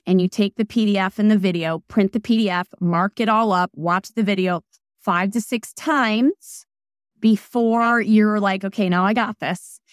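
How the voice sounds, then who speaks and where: A woman in her forties, a wellness practitioner being interviewed, talking in a casual, emphatic and animated way that jumps between asides. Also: mid-range voice, measured pace, dry recording, studio quality.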